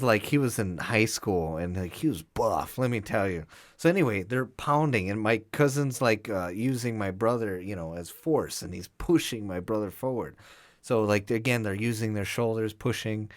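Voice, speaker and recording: A man's voice: lowish voice, dry recording. Young male podcast co-host, rambling casual storyteller, dry mic. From Chicago area. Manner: rambling, many fillers, laughs through stories.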